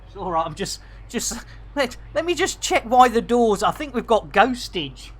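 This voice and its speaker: A woman chatting casually and jokily to her viewers while she plays a game live, full of slang and quick to laugh. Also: a little high, sing-song, slightly rough. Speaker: game streamer. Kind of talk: casual live-stream chat while playing.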